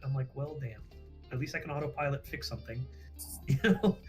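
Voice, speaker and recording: A man's voice: mid-range voice, fast, a little mellow, faint music behind. A man casually telling a story on a livestream, acting out quoted dialogue, swearing freely and laughing at himself.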